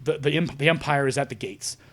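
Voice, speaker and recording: A man hosting a podcast in a studio, an excitable storyteller who acts out scenes in casual chat. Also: medium pitch, fairly quick. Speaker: podcast host.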